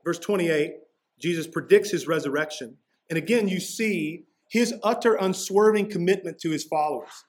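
A man delivers a sermon as pastor, his voice sitting a bit high for a man. He talks in a loose, conversational way and drops in casual asides as he explains. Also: normal speed.

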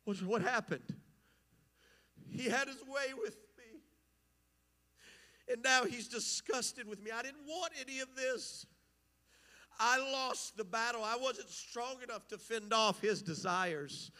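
A man preaching voices a wronged young woman, pleading and halting as he repeats himself. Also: very high voice, sharp tone, voice pushed up, full character voice. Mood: distraught pleading.

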